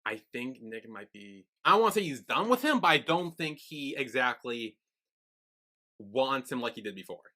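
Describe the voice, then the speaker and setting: A man's voice: medium pitch, sing-song, moderate pace, pushed and bright. A man co-hosting a podcast, chatting casually as he recaps a TV episode scene by scene and acts out the characters' lines. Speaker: podcast co-host.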